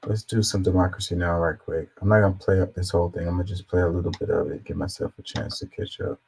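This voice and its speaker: Casual male commentary host, lowish voice, sarcastic. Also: quick pace, vocal fry, breathy edge, low-quality recording. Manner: sarcastic, animated when mocking.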